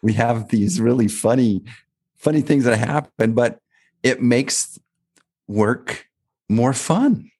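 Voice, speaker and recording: A man's voice: medium pitch, animated, slow, pauses often, darkish tone, husky. A male podcast host and business owner talking casually, often restarting and repeating words.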